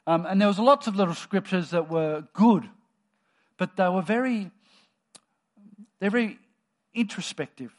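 A man with a slightly higher-than-usual voice preaches a sermon in a church. He talks in a relaxed, conversational way and tells the story with lively energy. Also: unhurried, pauses often.

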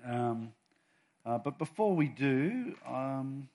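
A man preaching to his church, moving between soft chatty asides and loud, bold readings of scripture. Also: mid-range voice, animated, slow. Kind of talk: sermon.

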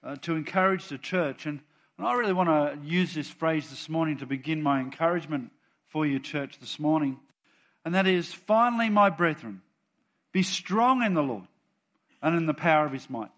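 A man preaching to his church, moving between soft chatty asides and loud, bold readings of scripture. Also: a little high, expressive, normal speed. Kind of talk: sermon.

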